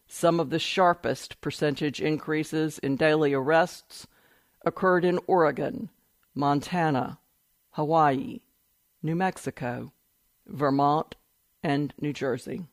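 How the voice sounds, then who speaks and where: A man reads a news report aloud in a steady, measured voice that sits a little high for a man. The sound is close and dry, with no room around it. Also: dry recording. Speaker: news article reader.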